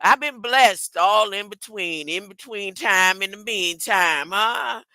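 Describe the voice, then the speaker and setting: Woman, rambling spiritual vlog, preachy, repeats herself, tags lines with "huh?", slow pace, dry close sound. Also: medium pitch, no room sound. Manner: excitable, laughs between phrases. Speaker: online video preacher.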